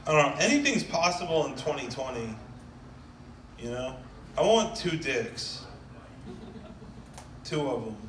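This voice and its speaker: A man doing stand-up, slow and deadpan, who leaves long gaps between lines. The club sounds echoey, heard from a distance, with some faint noise behind. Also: medium pitch. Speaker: stand-up comedian. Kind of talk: stand-up set. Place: comedy club.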